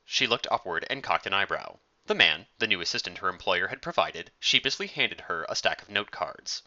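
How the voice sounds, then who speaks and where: Lively, sharp-voiced male storyteller. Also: low voice, brisk, hardly any pauses. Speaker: narrator. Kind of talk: scripted story narration. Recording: dull lo-fi recording.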